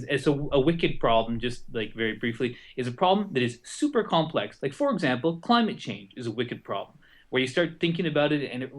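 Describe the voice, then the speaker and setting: A man co-hosting a podcast, explaining ideas in a rambling, self-correcting way. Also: medium pitch. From Canada. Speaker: podcast co-host. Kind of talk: casual podcast discussion.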